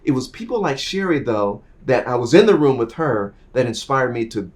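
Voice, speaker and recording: A middle-aged man telling his career story in an interview, acting out the people in it and swinging from quiet asides to loud, excited bursts. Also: moderate pace. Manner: animated, acts out dialogue, swings from low asides to loud bursts. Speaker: interview guest.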